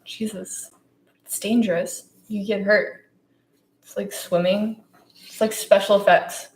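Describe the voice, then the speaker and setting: A woman's voice: medium pitch, fairly even intonation, slow. A young woman co-hosting a podcast, teasing and giggling in casual chat. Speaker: podcast co-host. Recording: echoey room.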